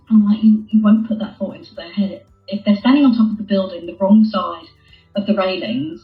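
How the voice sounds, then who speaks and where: A woman's voice: medium pitch, a little fast, soft background music. Roomy-sounding woman explaining communication. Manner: thoughtful, repeats key phrases. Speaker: guest, former hostage negotiator. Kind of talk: conversational interview. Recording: dull lo-fi roomy call audio.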